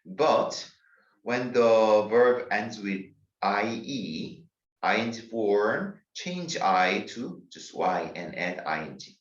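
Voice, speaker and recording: Male English teacher, Korean accent, slow and deliberate, spells words letter by letter; distant echoey lo-fi room sound. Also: lowish voice, animated. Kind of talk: grammar lecture.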